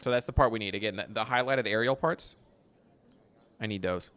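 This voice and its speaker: A man's voice: on the low side, brisk, fairly bright tone. A young man streaming a game live, chatting with his viewers and reading lines aloud in playful theatrical bursts with crude jokes.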